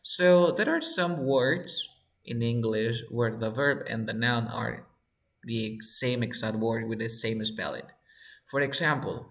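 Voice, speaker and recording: Man, English teacher, online class, patient, repeats words, middle pitch. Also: slow, a bit bright. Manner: patient, drills students, repeats words for pronunciation.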